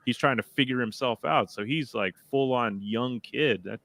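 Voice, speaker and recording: A man's voice: mid-range voice, moderate pace, vocal fry, a bit bright, dry recording. A man co-hosting a casual chat, emphatic and profane, calling everyone dude. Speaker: co-host.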